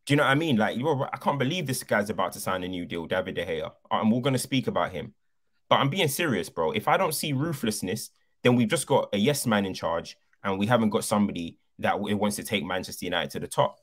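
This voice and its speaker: A man's voice: lowish voice, expressive, fast, a bit bright. A man co-hosting a football podcast, arguing passionately and repeating his points for emphasis.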